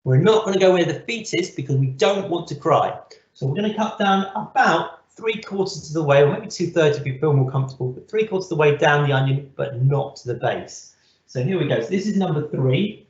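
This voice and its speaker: A man's voice: a little high, expressive, a little fast. A man giving a patient, step-by-step live online cooking lesson to children from a kitchen. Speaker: cookery teacher. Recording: echoey, slightly dull audio.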